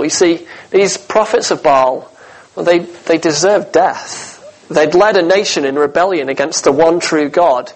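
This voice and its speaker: A man preaching a sermon, telling the story with lively asides, humor and rhetorical questions. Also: fairly high pitch, a little slow, poor audio.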